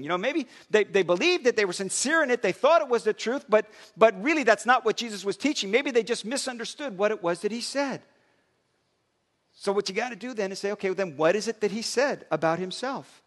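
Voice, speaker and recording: A man preaching a sermon in a high, very lively voice that leaps up and down. He talks conversationally and often repeats himself mid-sentence. His words ring out with a long reverb, as in a large church hall. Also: fast talker.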